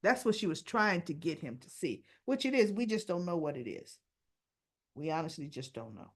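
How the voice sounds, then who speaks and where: A woman's voice: low-pitched, big pitch swings, normal speed. A woman talking through a daytime soap episode in a loose, conversational way. She voices each character's lines herself and keeps cutting in with blunt personal opinions. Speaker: soap opera recap host. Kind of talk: casual spoken recap.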